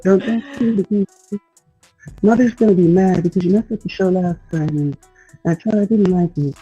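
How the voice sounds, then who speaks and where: A man doing an impression of a famous male pop singer, high and breathy, whining and pleading with his brother. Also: moderate pace, warm tone, lo-fi sound, faint music behind. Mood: whiny pleading. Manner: whiny, pleading, repeating "okay?".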